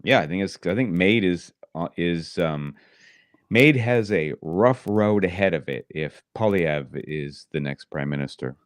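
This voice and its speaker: A lower-pitched man co-hosting a podcast, trading dry, teasing banter in casual chat. His voice is recorded close and dry, with no room sound. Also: expressive, a little slow, dry recording. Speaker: podcast co-host.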